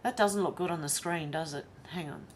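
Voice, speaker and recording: An Australian woman hosts a live stream in a blunt, chatty way, calling out viewers by name. Her voice sits a little low. A faint rumble runs underneath. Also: brisk. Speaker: commentary channel host. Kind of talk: casual live-stream commentary.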